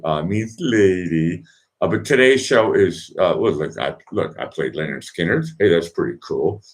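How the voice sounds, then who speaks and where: A man, hosting a late-night online music request show in a rambling, chatty way with many restarts and asides. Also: low-pitched. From Boston, USA. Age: 50s. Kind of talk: casual late-night livestream chat.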